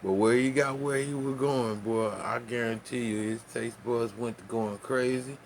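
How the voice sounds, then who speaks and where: A man's voice: medium pitch, fairly even intonation, moderate pace, slight background noise. A man telling a loose, profane, laughing story and showing how to roll tobacco. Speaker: vlogger. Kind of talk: casual storytelling and demonstration.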